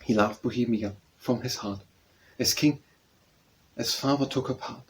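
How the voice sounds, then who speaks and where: A man reads narrative poems aloud for an audiobook in a measured verse recitation. His pace is very slow and deliberate, his pitch sits in a middle range, and his voice carries a husky, breathy texture. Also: poor audio. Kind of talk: audiobook poetry reading.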